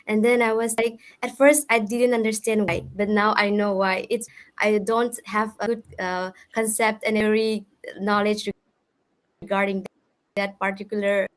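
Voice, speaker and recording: This is a woman student, answering interview questions. She speaks politely and hesitantly, filling her pauses as she goes. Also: medium pitch, poor audio. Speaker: student, exam topper.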